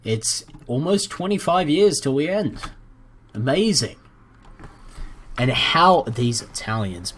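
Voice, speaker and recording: Man, game commentator, slow unhurried talk, playful, jokey, casual. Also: medium pitch. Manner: playful, jokey, chatty with excited outbursts. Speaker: gaming commentator.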